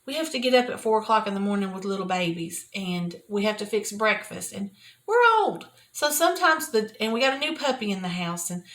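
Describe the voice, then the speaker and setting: An older woman, sharing a personal devotional talk from her office in an earnest, repetitive, often soft-spoken way. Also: mid-range voice, lively intonation, brisk. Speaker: Christian video host. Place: private office at work.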